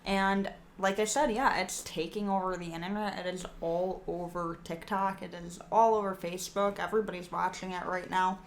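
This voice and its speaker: A woman's voice: lowish voice, steady tone, normal speed, hardly any pauses, slight background noise. A woman co-hosting a podcast in casual chat, talking in a loose way with many fillers. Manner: chatty, uses fillers like um and like. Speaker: podcast co-host.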